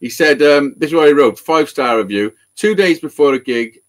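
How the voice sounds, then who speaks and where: Excitable swearing storyteller, man. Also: fairly high pitch, a little fast. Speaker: guitar repairer. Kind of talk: casual live-show chat.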